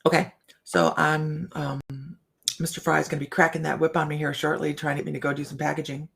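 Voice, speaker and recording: A woman's voice: low-pitched, little pitch movement, fast talker, gravelly. A middle-aged woman hosting a casual live chat, reading cards and talking to viewers by name, laughing often. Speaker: livestream host reading tarot cards.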